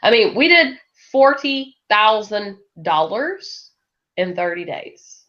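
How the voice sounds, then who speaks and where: A woman's voice: medium pitch, slow pace, fairly bright tone. A woman giving a motivational talk to her sales team, laughing often and acting out the voices she quotes. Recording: dull lo-fi recording.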